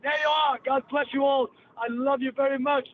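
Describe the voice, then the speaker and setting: Brash Cockney podcast host. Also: male voice, very high voice, little pitch movement, moderate pace. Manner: brash, profane storyteller. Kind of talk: rambling podcast monologue. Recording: tinny phone-like line, faint hiss.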